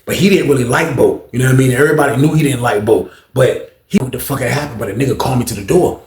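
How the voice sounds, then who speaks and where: Fast-talking male storyteller, echoey room. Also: mid-range voice, darkish tone. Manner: slangy, profane, conversational. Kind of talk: storytelling monologue.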